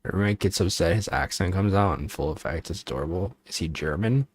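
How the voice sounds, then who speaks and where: A VTuber streamer with a low, slightly rough voice talks fast in casual livestream chat, joking around, trailing off, and repeating himself. There's no room sound.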